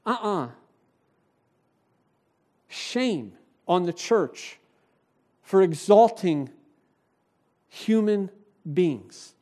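A male pastor delivers a sermon in a church with a notably high voice. He is animated and conversational, talking directly to the people in the pews rather than reading at them. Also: drawn-out words, long pauses.

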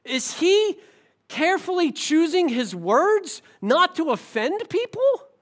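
In a church sanctuary, a pastor preaches an impassioned sermon in a slow, sing-song voice. He swings from forceful emphasis down to low, quiet stretches.

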